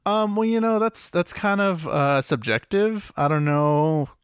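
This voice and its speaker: A man's voice: on the high side, expressive, measured pace, slight background noise. A young man guesting on a podcast, chatting casually and a bit hesitantly. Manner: hesitant, easygoing. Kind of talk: casual interview chat.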